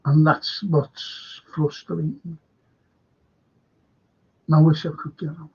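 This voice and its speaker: A man's voice: a little high, level tone, takes it slowly, slightly rough, muffled recording. A man hosting a live stream, chatting in a meandering way and often dropping his voice to a near-whisper. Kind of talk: rambling casual chat. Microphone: webcam or desk mic on a live stream.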